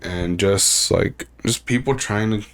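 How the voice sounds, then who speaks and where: A young man with a lowish voice co-hosts a casual podcast. He is sick with a cough. He rambles in a relaxed way, leans on "like" and "you know", and laughs often. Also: takes it slowly. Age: young adult. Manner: laid-back, rambling, laughs often, says "like" a lot. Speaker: podcast co-host. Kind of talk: casual chat.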